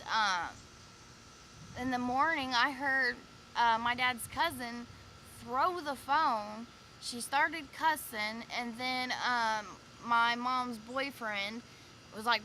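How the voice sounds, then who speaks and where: A woman's voice: a little high, sharp tone, slight background noise. A young woman vlogger telling her own life story in a loose, rambling way, full of fillers and quoted conversations. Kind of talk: casual personal storytelling.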